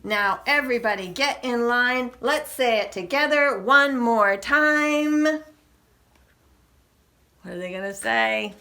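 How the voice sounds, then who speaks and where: A woman's voice: on the high side, takes it slowly, pushed and bright. A woman reading picture books aloud at a children's storytime, making animal sounds and asking the young listeners questions. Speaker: children's librarian.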